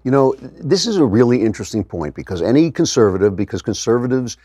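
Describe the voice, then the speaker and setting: A middle-aged man hosts a political talk show, delivering an opinionated monologue in a mid-pitched voice. He turns sarcastic and mocks others' words in a raised tone. The sound is dry and close, with no room echo. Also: very animated, fast, warm tone, breathy edge. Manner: sarcastic, mocking quotes in raised voice. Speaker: political commentary host.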